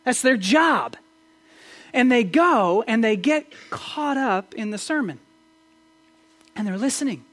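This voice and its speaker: A pastor giving a conversational Sunday-morning sermon in church, often asking rhetorical questions and stumbling into quick restarts. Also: mid-range voice, lively intonation, fairly bright tone. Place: church service.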